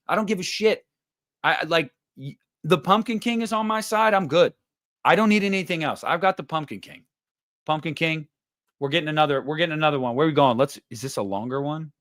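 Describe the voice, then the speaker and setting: Rambling, cussing livestream host, a man. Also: on the high side. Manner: profane, animated, rambling. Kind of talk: casual livestream chat.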